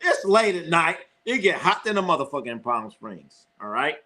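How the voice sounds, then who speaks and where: A man's voice: fairly high pitch, big pitch swings, moderate pace, sharp tone. A middle-aged man hosting a live sports stream, rambling and cursing, repeating phrases and laughing often as he reads chat.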